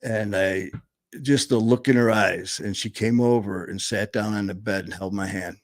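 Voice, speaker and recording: A man's voice: lowish voice, fairly even intonation, no room sound. Blunt man telling a personal story. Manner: blunt, candid, swears freely; halting, full of fillers and restarts.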